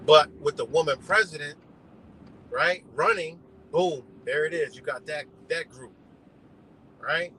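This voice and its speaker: A man's voice: on the high side, measured pace, long pauses, sharp tone, a little hiss or hum, low-quality recording. Heated, foul-mouthed ranting man outdoors. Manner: heated, rambling, heavy swearing. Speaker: livestream host. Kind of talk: profane rambling political rant. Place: outdoors beside a road.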